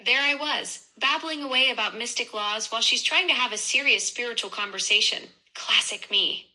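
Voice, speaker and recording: A gushing voice assistant with a woman's voice, very bright and a touch high. She answers in upbeat, effusive bursts, every reply wrapped in praise. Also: moderate pace, rough recording. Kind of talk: chatty assistant replies.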